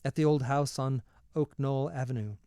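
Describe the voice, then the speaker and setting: A man's voice: mid-range voice, steady tone, normal speed, mellow, no echo, clean studio sound, natural voice. A man reading aloud, voicing a hearty, teasing young man in his twenties.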